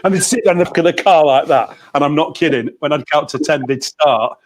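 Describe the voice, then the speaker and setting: A man's voice: a little high, quick pace, hardly any pauses. A man, a motivational coach in a casual group chat, telling stories and laughing easily over a video call. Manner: chatty storyteller, laughs easily.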